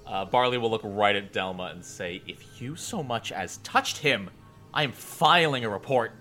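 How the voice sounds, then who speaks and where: Forceful, bright-voiced male player. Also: lowish voice, lively intonation, normal speed, faint music behind. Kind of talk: playing a tabletop game.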